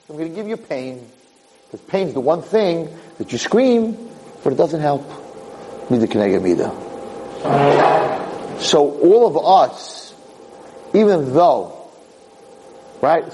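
A man's voice: medium pitch, slight background noise, low-quality recording. An older man giving an informal Torah class, telling stories and asking rhetorical questions. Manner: animated storytelling with rhetorical questions. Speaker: Torah teacher.

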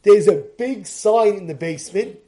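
A man giving an animated Torah lesson, excitable, often breaking into shouts and repeating himself as he builds his point. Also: high voice, moderate pace. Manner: repeats and restarts phrases. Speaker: Torah teacher.

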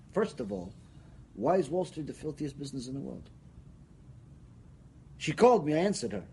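A rabbi delivering a Torah lecture in a husky, high-pitched man's voice. He argues emphatically and piles up rhetorical questions, his pitch swinging widely. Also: sing-song, moderate pace, pauses often, dark tone. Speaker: rabbi teaching Torah ethics.

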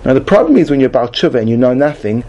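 A man's voice: medium pitch, expressive, fast, warm tone, lo-fi sound. A man giving a rambling, tongue-in-cheek class, with lots of restarts and filler words. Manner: rambling, repeats and restarts, frequent "like". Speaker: comedic class presenter. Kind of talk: mock-instructional comedy talk.

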